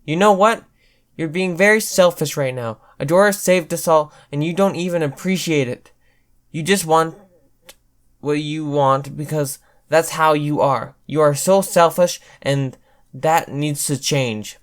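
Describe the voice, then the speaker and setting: A man's voice: mid-range voice, very slow, clear, resonant tone. A man voicing an angry young woman who scolds a sulking friend, in an amateur fanfic reading. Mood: angry, scolding. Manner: shouting accusations.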